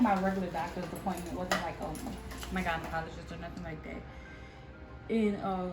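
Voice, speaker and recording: A woman's voice: medium pitch, low-quality recording. Young woman telling a candid personal story. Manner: candid and rambling, with many "like"s and "y'all"s. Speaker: vlogger, new mother sharing her story. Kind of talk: casual personal storytelling to camera.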